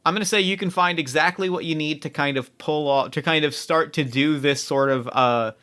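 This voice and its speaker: Bright-voiced man running a tabletop game. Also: on the high side, fairly quick, smooth. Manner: rambling, many likes and restarts. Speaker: game master.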